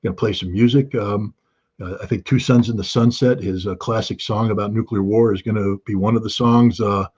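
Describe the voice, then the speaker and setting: A man's voice: lowish voice, steady tone, fairly quick, a little mellow, breathy edge, dull audio. A man in his sixties, a guest on a talk show, speaking urgently and emphatically, hammering his points and repeating key phrases over a video call. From United States. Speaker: guest commentator. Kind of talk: impassioned political talk.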